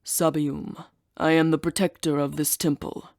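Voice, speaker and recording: Woman voicing a slow growling ox-bodied temple guardian. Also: sits low, flat delivery, a little mellow, dry recording, studio quality. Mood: menacing. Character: ancient male ox-bodied winged temple guardian, menacing.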